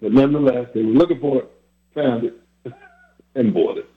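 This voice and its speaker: A man's voice: medium pitch, brisk. A man hosting a casual chat, reflecting on family sayings and chuckling between thoughts. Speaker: host. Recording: phone-like line.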